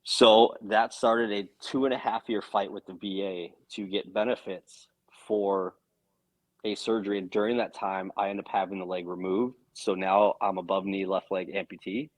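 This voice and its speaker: Low-voiced man telling a story. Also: normal speed, low-quality recording. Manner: earnest, animated storytelling with frequent swearing. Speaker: podcast guest. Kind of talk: casual storytelling.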